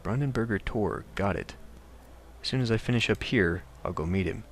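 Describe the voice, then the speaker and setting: A blunt mercenary answers in short, plain lines, read by a man. His voice is fairly low, with steady background noise behind. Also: normal speed, lightly acted. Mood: curt. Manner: curt, plain replies.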